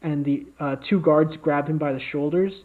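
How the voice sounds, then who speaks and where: A man's voice: a little high, steady tone, normal speed. Man rambling over tinny audio. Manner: rambling, many fillers and restarts. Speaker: podcast co-host. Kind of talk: casual chat, improvised story.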